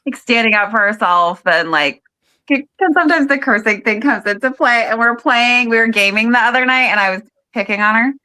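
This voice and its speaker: A woman's voice: fairly high pitch, a little fast, sharp tone, low-quality recording. A woman co-hosting a casual podcast, chatting and telling a teasing story about her family. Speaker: podcast co-host.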